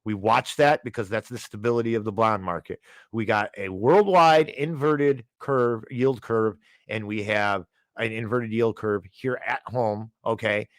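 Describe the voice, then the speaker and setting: A man's voice: lowish voice, a little slow, dry recording. A man hosting a finance show, ranting heatedly with frequent restarts and apologies. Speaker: podcast host.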